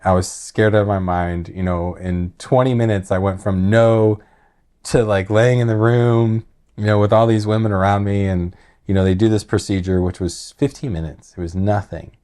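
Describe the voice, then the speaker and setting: A middle-aged man with a fairly low voice tells a personal story. He rambles earnestly, restarting sentences and leaning on filler words as he goes. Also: fairly even intonation, moderate pace, mellow. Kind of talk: casual emotional storytelling.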